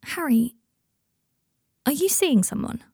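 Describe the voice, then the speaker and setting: A woman's voice: high-pitched, lively intonation, takes it slowly, creaky, dark tone, no room sound, studio quality, pitched above the performer's own voice, heavily acted. A woman reading as a baffled young man. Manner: puzzled, careful. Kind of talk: audiobook fan-fiction reading.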